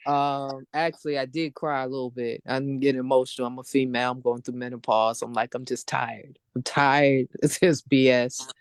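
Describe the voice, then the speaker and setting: A woman's voice: a bass voice, little pitch movement, a little fast, hardly any pauses, a little mellow, smooth, dry recording. A middle-aged woman on a video call, venting at length in a frustrated, casual ranting way. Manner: frustrated ranting, talks in long run-on stretches. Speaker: open mic participant.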